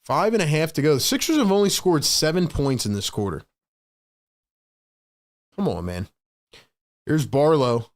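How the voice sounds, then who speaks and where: A man's voice: fairly high pitch, lively intonation, a little fast, hardly any pauses. A man doing live play-by-play for his own fan stream, calling the action and ranting in frustration between plays. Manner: sighs and rants between calls.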